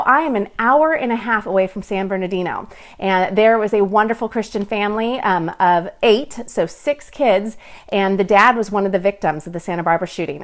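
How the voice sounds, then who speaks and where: A woman from Southern California hosting a casual livestream chat, bubbly and chatty, answering viewer comments as she goes. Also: fairly high pitch. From Southern California, USA. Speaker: blogger and livestream host.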